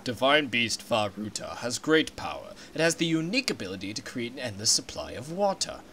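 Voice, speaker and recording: A man's voice: medium pitch, very animated, a little fast, bright, forceful tone, slight background noise, voice pushed down. A man voicing an old fish-man king in a comedic game voice-over, solemn and formal. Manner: solemn, formal, archaic speech.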